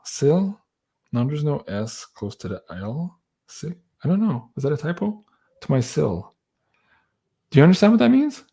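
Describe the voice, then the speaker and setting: A man's voice: on the high side, sing-song, normal speed, gravelly, long pauses, mellow, husky. A man co-hosting a livestream, chatting casually and thanking donors by name. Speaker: livestream co-host.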